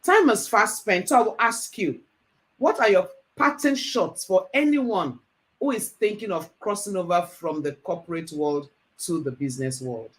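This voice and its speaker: A woman's voice: lowish voice, animated, normal speed. A woman hosting a business talk show, emphatic and enthusiastic. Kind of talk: interview hosting.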